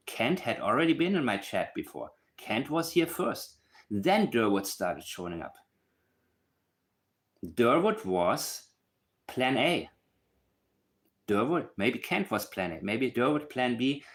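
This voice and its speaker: A man at a mid pitch talks through a case on his livestream. He is blunt and emphatic and keeps turning aside to talk to his chat. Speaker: channel host analyzing a case. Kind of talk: casual livestream commentary.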